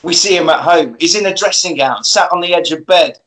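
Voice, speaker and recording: A man's voice: a little high, brisk, a bit bright, rough recording. A man casually recapping a film plot, swearing and acting out the characters' lines.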